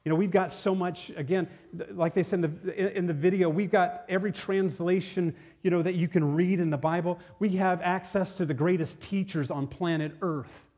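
A man preaching a sermon, telling a personal story in an animated way with many restarts. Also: sits high, normal speed. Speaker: pastor.

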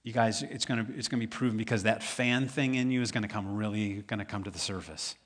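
A man voicing a calm, earnest male teacher who speaks directly to his followers, in a sermon retelling. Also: fairly low pitch, fast talker, natural voice.

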